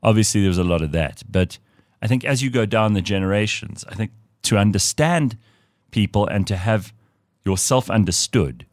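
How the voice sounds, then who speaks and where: A man hosting a radio show, telling stories in a chatty, animated way. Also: on the low side, normal speed, no room sound, studio quality. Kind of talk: casual radio chat.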